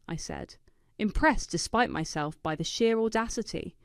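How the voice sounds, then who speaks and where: A woman reading a first-person drama story in a dry, knowing, quietly vindictive manner. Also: deep voice, big pitch swings, moderate pace, few pauses, clean tone, dry recording. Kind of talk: scripted first-person narration.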